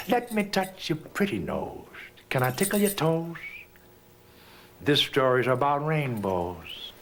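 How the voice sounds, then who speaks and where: A man performing a rhythmic, rhyming story, swooping between soft and loud in a sing-song way. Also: mid-range voice, a little hiss or hum.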